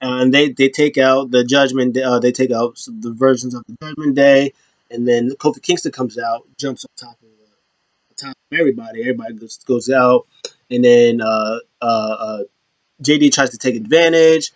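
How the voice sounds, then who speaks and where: A man's voice: medium pitch, fairly even intonation, normal speed, no echo. A man hosting his own show, giving a casual, rambling recap with many restarts. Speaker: show host.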